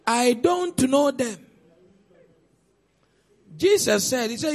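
A man preaching a sermon as pastor, with pointed rhetorical questions and sudden loud outbursts. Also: very high voice, animated, a little slow, pauses often.

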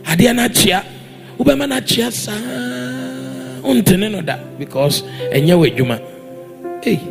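A man's voice: sits high, gravelly. A man with a Ghanaian accent preaching a sermon in a church, exhorting the congregation and demanding they answer back. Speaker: pastor.

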